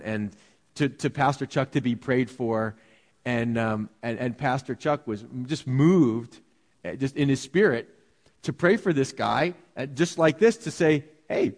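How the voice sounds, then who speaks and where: Teaching conversationally through the text verse by verse, this male pastor speaks at medium pitch. He asks rhetorical questions and eases his pace when reading scripture aloud.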